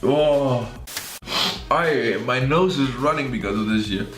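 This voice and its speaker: A young man giving casual reaction commentary as a YouTuber, joking and sarcastic with excitable outbursts. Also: medium pitch, slow pace. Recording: echoey room with faint music.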